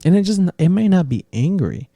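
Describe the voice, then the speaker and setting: A man hosting a casual podcast, ranting in an animated way and swearing constantly. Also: fairly high pitch, brisk, vocal fry, dry recording, studio quality. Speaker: podcast host. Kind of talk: casual opinion talk.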